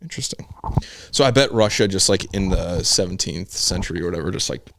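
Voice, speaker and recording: A man's voice: low voice, expressive, fast, creaky, background noise. A man hosting a podcast, chatting casually with crude, blunt jokes and frequent swearing. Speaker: podcast host. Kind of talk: casual chat.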